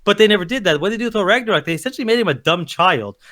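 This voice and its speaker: A man's voice: high voice, lively intonation, racing, pushed and bright. A man co-hosting a casual pop-culture podcast, ranting heatedly, cursing and acting out quotes. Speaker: podcast co-host.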